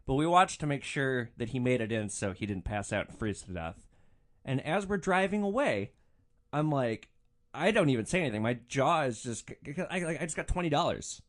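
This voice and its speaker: A man hosting a podcast, telling rideshare stories in an animated, exasperated and wry monologue. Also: medium pitch, normal speed. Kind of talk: storytelling monologue.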